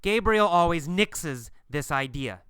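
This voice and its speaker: A man teaching an English lesson, speaking slowly and emphatically and repeating phrases for learners to copy. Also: a little high, animated, a bit bright, clear, resonant tone, dry recording, clean studio sound. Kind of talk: scripted language lesson.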